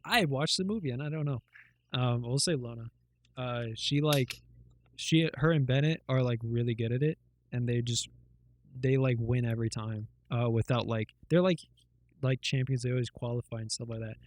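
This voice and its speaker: At a moderate pace and medium pitch, this podcast co-host chats casually. His retellings wander loosely, studded with fillers and swear words.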